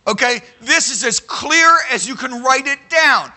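A man teaching a sermon to a live audience, animated and emphatic, checking in with the room with frequent "okay?" and at times shouting a phrase for emphasis. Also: very high-pitched, measured pace. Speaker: Bible teacher.

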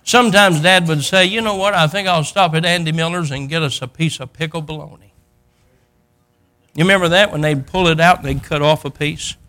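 An older male preacher delivering a sermon in a bright, forceful voice that sits a little high for a man. He tells the story in a homespun, folksy manner, acting out each character and climbing to loud, fervent peaks. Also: fairly quick.

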